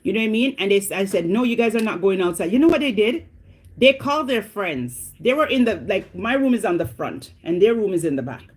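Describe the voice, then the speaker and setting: Speaking briskly in a medium-pitched, slightly rough voice, a middle-aged woman from Jamaica tells a dramatic story in a casual vlog. Her Jamaican-accented delivery is animated and full of exclamations.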